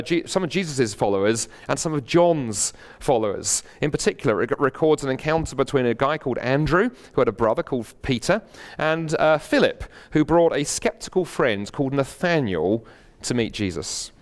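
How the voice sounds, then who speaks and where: British male lecturer, earnest, animated, restarts often, packed lecture hall, mid-pitched voice. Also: moderate pace. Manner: earnest, animated storyteller with many fillers and restarts. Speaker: guest lecturer. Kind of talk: university lecture.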